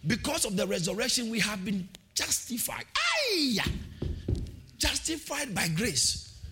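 A man preaching a sermon, shouting calls to the congregation and repeating phrases with a sing-song emphasis. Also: sits high, very animated, moderate pace, background noise. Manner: repeats phrases, laughs between points.

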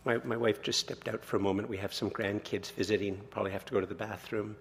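A man in his sixties, a pastor preaching a sermon, conversational and self-deprecating, slowing down to read scripture. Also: fairly low pitch, steady tone, creaky, slight background noise. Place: church sanctuary. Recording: long reverb of a church hall.

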